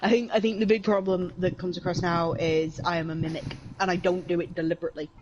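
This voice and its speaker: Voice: mid-range voice, little pitch movement, quick pace, background noise. A speaker from Wales in a casual gaming chat, telling stories animatedly and swearing freely. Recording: slightly muffled lo-fi audio with music behind.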